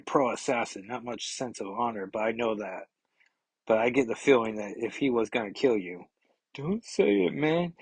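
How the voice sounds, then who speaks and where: A man's voice: on the low side, slightly rough, no echo, poor audio. A man reviewing a comic book in a casual, rambling way, reading panels aloud with chatty asides.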